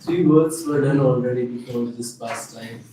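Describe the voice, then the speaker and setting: A man in the audience who asks a question quietly and tentatively, heard from far off in a roomy hall. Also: mid-range voice, moderate pace, noisy background. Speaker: attendee asking a question.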